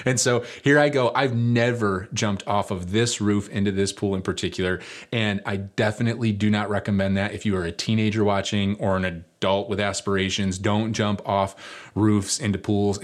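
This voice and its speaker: A man preaching a sermon, telling a personal story in a relaxed, conversational way with many fillers. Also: on the low side. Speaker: pastor.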